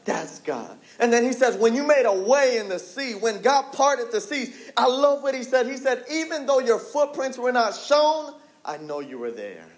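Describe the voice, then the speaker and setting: High-voiced passionate young preacher man. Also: normal speed, hardly any pauses. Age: 20s. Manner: passionate, repetitive, drops low for emphasis. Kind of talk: sermon.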